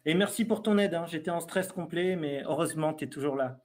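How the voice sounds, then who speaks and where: A man's voice: fairly high pitch, fast talker, a little mellow. A man with a French accent chatting casually on a live stream, hesitant and self-deprecating.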